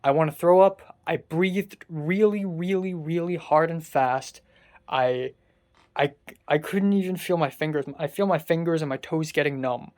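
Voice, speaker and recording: Young adult vlogger, from Hong Kong, rants through a rough day, salty, swears a lot, mid-pitched voice. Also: unhurried, a little mellow. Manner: venting, exasperated, swears often. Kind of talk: casual storytelling monologue.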